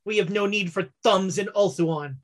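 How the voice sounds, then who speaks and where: A woman's voice: mid-range voice, moderate pace, natural voice. A woman voicing a pompous male cat ambassador who speaks in a grand, formal way. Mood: haughty.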